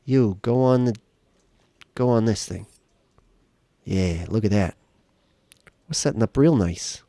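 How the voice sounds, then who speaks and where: A man's voice: on the low side, takes it slowly, warm tone, no room sound. A man streaming a survival game live, joking and chatting casually to the characters on screen.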